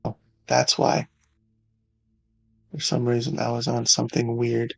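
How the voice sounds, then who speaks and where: A man's voice: medium pitch, completely flat delivery, a little slow, gravelly, a bit bright, no room sound, soft background music. Hesitant man running a tabletop game. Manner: hesitant, many fillers. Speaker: game master.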